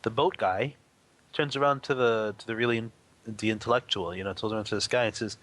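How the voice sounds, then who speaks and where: A man's voice: fairly low pitch, a little fast. A man sharing teaching stories in an easygoing, rambling way, acting out the voices in them. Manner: rambling storyteller, animated quoted voices. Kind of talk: casual spoken teaching.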